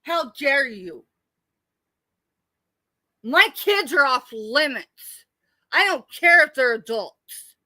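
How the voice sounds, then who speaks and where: Woman, middle-aged, very high voice, bright tone, angry tearful live-stream rant. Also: big pitch swings, takes it slowly, pauses often, no room sound. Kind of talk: emotional late-night live stream rant.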